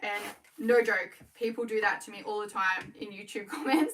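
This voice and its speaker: Young aussie woman chatting on a live stream while she works, sits a bit back from the mic, mid-pitched voice. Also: a bit bright, distant mic, a little hiss or hum, rough recording. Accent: Australian. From Australia. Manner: chatty, quick, self-correcting while working. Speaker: small business owner livestreaming. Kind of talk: casual livestream chat.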